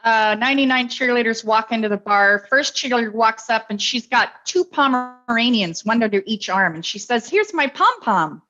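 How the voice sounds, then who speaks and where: A woman with a bright, forceful voice, pitched a bit high, tells pun jokes in an improv round. She starts hesitantly, and the call audio is dull and lo-fi. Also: normal speed, few pauses. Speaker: improv player.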